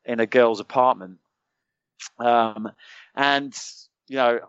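A man's voice: medium pitch, slow, clear, resonant tone, no echo. A middle-aged British man, a former soldier, telling a long colloquial anecdote as a podcast guest and acting out the lines of other people in it. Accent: British English. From United Kingdom. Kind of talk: anecdotal storytelling. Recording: dry, slightly dull sound.

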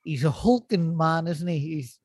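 A man's voice: a little high, measured pace, darkish tone, slightly rough, no echo, clean studio sound. A man in casual chat, rambling and laughing as he recaps a show.

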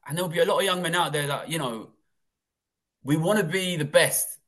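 A man's voice: fairly high pitch, fairly quick, fairly bright tone. A man in his thirties, a former trader and interview guest, telling his life story in a rambling, candid way with lots of swearing and fillers.

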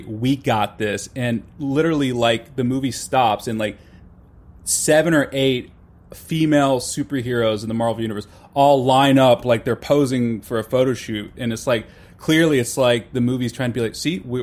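A man's voice: medium pitch, darkish tone. A man in casual conversation, giving opinionated commentary on film and politics, with many restarts and fillers.

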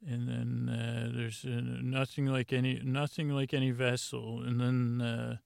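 A man's voice: medium pitch, little pitch movement, a little slow, vocal fry, a little mellow, clean tone, no room sound, studio quality. A man hosting a bedtime podcast, rambling casually through an episode recap with many fillers and restarts. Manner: meandering, full of fillers and restarts; casually retells scenes with "he goes". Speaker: podcast host.

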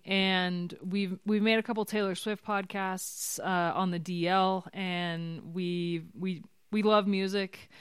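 A woman chats on a podcast as an eager guest. Her voice sits a little low and sounds smooth and clear. The recording is dry and close. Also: dry recording. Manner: animated, excitable, frequent laughs. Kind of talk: casual podcast chat.

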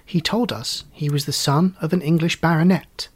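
A man narrating a story in an audiobook, reading in a measured, wry way. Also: fairly high pitch, fairly even intonation, breathy edge. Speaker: reader.

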